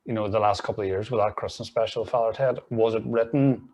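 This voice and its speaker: A man's voice: fairly low pitch, fairly even intonation, fast, a little mellow. A young man with a Northern Irish accent, chatting as a guest on a comedy podcast with sweary, jokey banter. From Northern Ireland. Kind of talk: casual comedy chat.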